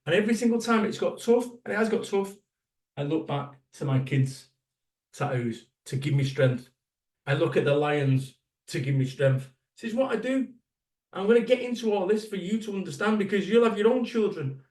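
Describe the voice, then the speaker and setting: A motivational speaker in his fifties from Salford, England gives a blunt, sweary keynote, throwing rhetorical questions at the audience. His voice is a little high for a man and a little mellow, heard from a distance in an echoey hall.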